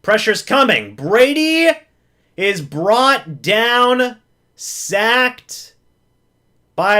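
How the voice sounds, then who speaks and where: A man's voice: high voice, fairly bright tone. A man calling a football game live as a fan, narrating each play and then pleading with the referees and groaning at the calls.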